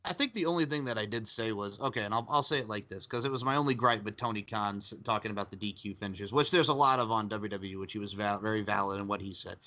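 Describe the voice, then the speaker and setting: A man co-hosting a podcast, chatting quickly and casually, laughing through his points. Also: lowish voice, pushed and bright. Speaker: podcast co-host.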